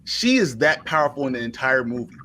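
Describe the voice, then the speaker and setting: A man's voice: mid-range voice, sing-song, brisk, bright, forceful tone, a little hiss or hum. A man co-hosting a live movie review show, gushing enthusiastically about a film in casual chat.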